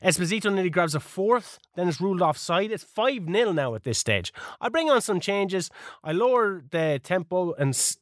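A high, animated man recapping his wins with cheeky bravado and casual swearing. His voice leaps up and down as he tells the story, and it sounds dry and close to the mic. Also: normal speed, no room sound. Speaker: podcast co-host. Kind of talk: casual chat recapping a video game season.

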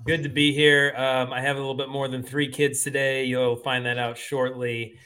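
Bright, playful male comedian. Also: medium pitch, little pitch movement, clear, resonant tone. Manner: playful, quick with jokes. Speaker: podcast panelist, improv comedian.

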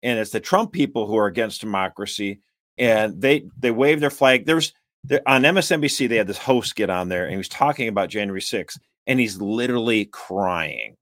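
A man hosting a political talk show, speaking in an animated, emphatic and exasperated way. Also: fairly low pitch, brisk, dry recording. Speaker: podcast host.

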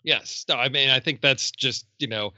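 A man's voice: mid-range voice, moderate pace, pushed and bright, no echo, muffled recording. A man in casual film talk, enthusiastic and full of "you know". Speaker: film podcast panelist.

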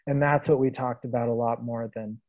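A man around thirty from the Pacific Northwest, telling stories in a relaxed podcast interview and laughing often. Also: medium pitch, brisk, no room sound, highs cut off. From Vancouver, Washington. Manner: easygoing storyteller, laughs often. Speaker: guest, long-distance hiker.

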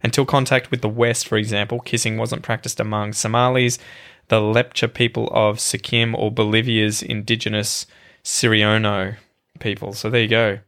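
A man's voice: fairly low pitch, little pitch movement, normal speed, a bit bright. A man in his thirties with an Australian accent, a guest chatting casually on a podcast, hedging and poking fun at himself. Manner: chatty, hedging and self-deprecating. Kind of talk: casual chat.

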